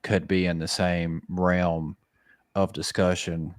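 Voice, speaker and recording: A man with a lowish voice tells a rowdy story about his family to his podcast co-hosts. He swears freely and hypes up the tale. The sound is close and dry. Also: slow, clean tone, no room sound. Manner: loose, profane, animated storytelling. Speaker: podcast co-host. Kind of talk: casual chat, storytelling.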